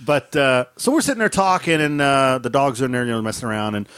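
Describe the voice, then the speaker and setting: A man telling a story in a casual podcast chat, animated and laughing often as he acts out the scenes. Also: mid-range voice, fast talker, clean tone. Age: adult with a wife and dogs. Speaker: podcast co-host.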